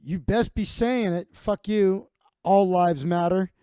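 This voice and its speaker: Figure: a man playing an aggressive gunman. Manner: loud, menacing, taunting. Tone: higher and louder than his usual voice. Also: slow pace, smooth, no room sound, studio quality. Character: aggressive gunman yelling threats.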